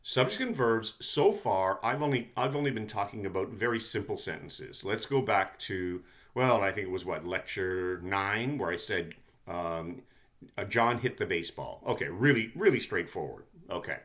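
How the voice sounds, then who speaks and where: A man's voice: on the low side, animated, normal speed, fairly bright tone. A male lecturer giving a conversational recorded lesson, often checking in with "okay?" and restarting his sentences.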